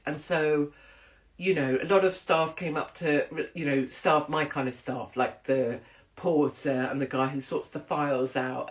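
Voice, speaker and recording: Blunt woman telling rambling stories. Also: deep voice. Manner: blunt, profane, rambling storytelling. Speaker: commentator. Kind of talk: casual monologue.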